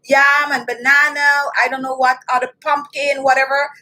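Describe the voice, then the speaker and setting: High-voiced Jamaican woman chatting to viewers. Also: flat delivery, moderate pace, sharp tone, poor audio. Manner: chatty, addresses viewers directly, frequent "okay?". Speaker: beauty vlogger. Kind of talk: casual livestream chat.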